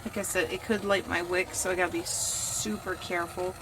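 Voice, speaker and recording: A woman chatting casually and teasing herself while she crafts at home, going quiet when the work gets delicate. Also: fairly low pitch, fairly even intonation, brisk, background noise. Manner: chatty and self-mocking, drops to a hush while working. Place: home workspace.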